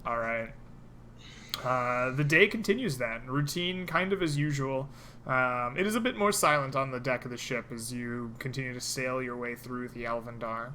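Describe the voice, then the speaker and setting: A woman's voice: extremely low pitch, normal speed, sharp tone, a little hiss or hum. A woman narrating a tabletop role-playing game as game master, in a loose, filler-heavy way.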